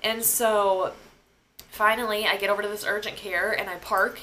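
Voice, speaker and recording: A woman's voice: mid-range voice, fairly even intonation, moderate pace, sharp tone, slight background noise. A young woman hosting a podcast, telling a personal story in a casual, emotional way, with lots of filler words and swearing. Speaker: podcast host.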